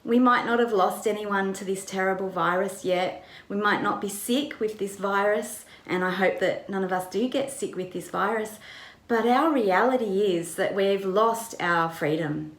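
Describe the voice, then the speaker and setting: A woman's voice: mid-range voice, reverberant. A woman pastor retelling a Bible story in a conversational way, with vivid narration. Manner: vivid retelling, acts out quoted lines.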